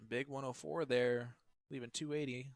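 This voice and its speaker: A man calls a live darts stream in a loose, joking way, teasing his partner between throws. His voice sits at an ordinary middle pitch. The sound is dry and close, with no room echo. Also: steady tone, moderate pace, gravelly. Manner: chatty, joking, teasing banter. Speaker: darts commentator. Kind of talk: live play-by-play commentary.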